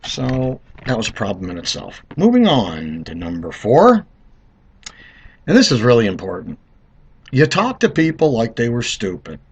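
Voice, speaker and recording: A man's voice: mid-range voice, wildly swooping pitch, moderate pace, breathy edge, highs cut off. A man of Italian heritage giving a rambling, sarcastic political commentary monologue, talking straight to the listener.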